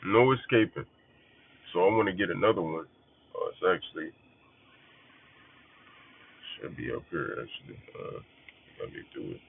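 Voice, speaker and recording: A man's voice: low voice, big pitch swings, moderate pace, vocal fry, long pauses, slight background noise. A man teaching scripture in a casual, blunt way, often swearing and hammering points by repetition. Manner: blunt, profane, emphatic repetition. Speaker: preacher. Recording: phone-like narrow band.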